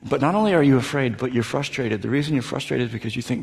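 A man's voice: medium pitch, brisk, creaky. Earnest male pastor in a reverberant hall. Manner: earnest, dropping to soft near-whispers for tender moments. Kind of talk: sermon.

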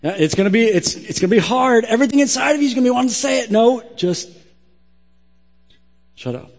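Blunt pastor in a reverberant hall. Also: male voice, extremely high pitch, very fast, vocal fry. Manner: blunt, direct, emphatic. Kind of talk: sermon.

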